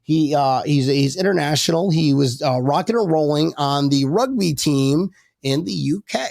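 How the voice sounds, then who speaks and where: A rowdy man hosting a podcast, his voice a little high for a man and gravelly, with a dry close sound. He jokes loudly and trips over his words when he gets excited. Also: moderate pace, no room sound. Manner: loud, excitable, joking, stammers when worked up. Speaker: podcast host. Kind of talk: rowdy casual podcast banter.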